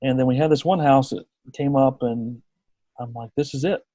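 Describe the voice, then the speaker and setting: Guy in his 30s telling a story on a podcast, acts out the quotes, mellow voice, dry close sound. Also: medium pitch, moderate pace, no echo. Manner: lively storyteller who acts out quoted dialogue. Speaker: podcast guest. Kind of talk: personal storytelling in a conversation.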